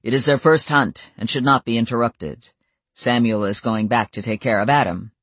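An audiobook narrator voicing a reserved werewolf man who speaks in flat, measured, formal tones. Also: medium pitch, dry recording, pitched below the performer's own voice, close to an everyday voice. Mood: grave. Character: calm, stern male werewolf elder, few words.

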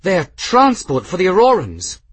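A man voicing a quick, sharp young female airship engineer who speaks in an urgent, raised manner. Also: fairly high pitch, wildly swooping pitch, slightly rough, voice pushed up, full character voice.

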